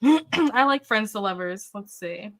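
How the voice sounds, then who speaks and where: A woman's voice: medium pitch, expressive, measured pace. A woman hosting a casual book livestream, chatting with viewers, reacting to their comments with upbeat oohs and okays and thinking aloud with fillers. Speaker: booktube livestream host. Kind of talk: casual live chat with viewers.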